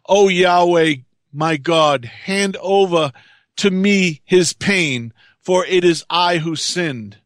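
A man reading Eve's lines, a remorseful first woman, in slow, solemn archaic speech. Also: sits high, a bit bright, no room sound, studio quality. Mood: pleading.

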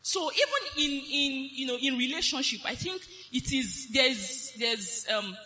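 A woman preaching a sermon on marriage, animated, laughing often and lifting phrases into a sing-song lilt. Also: high-pitched, a little slow, long reverb tail, faint music behind.

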